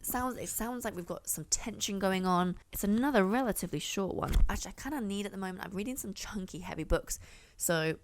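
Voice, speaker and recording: A woman's voice: medium pitch, a little fast. A young woman chatting casually to camera as a book reviewer, rambling and often correcting herself.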